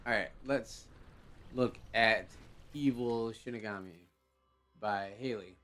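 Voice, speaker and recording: A man with a fairly low voice hosts a live stream, chatting casually and rambling with plenty of fillers. Faint music plays underneath him. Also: slow pace. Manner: relaxed, rambling, full of fillers and praise. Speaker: host of a live game ship show.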